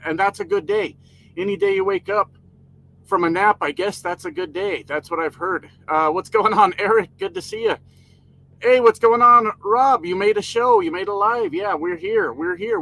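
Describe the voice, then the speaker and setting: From a parked truck cab, a man goes live and talks at normal speed in a high, pushed, bright voice. Joking casually, he greets viewers by name while reading their comments, all captured in a low-quality recording with slight background noise.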